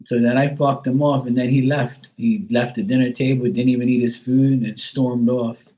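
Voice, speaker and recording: A man's voice: mid-range voice, level tone, normal speed, dark tone, low-quality recording. A middle-aged man hosting a livestream, telling a rambling story full of blunt profanity in casual chat. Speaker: livestream host.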